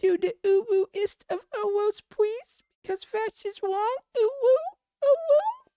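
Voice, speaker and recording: Super high squeaky uwu voice, warbly ooh woo noises, slow and drawn out. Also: male voice, warm tone, no room sound, clean studio sound, full character voice. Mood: cutesy. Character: squeaky cutesy uwu voice, hyper and sing-song.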